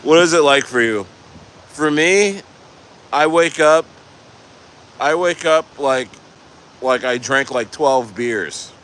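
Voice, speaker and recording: A man chats on a live stream from outdoors near the coast, with faint traffic hum behind him. He rambles loosely, answers his chat, laughs easily, and trails off and restarts his sentences. His voice sits at an everyday middle pitch. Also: expressive, takes it slowly, long pauses, fairly bright tone. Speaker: crypto livestreamer reading chat.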